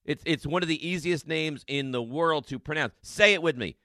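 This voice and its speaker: A man hosting a sports radio show, talking in an emphatic, excitable monologue full of rhetorical questions and repeated lines. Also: on the high side, normal speed, no room sound, studio quality.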